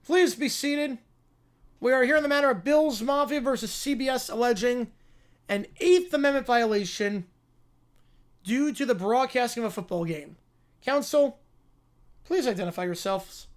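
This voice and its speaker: A man's voice: very high-pitched, moderate pace, pauses often. A man doing a weary, impatient judge. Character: stern, weary male courtroom judge.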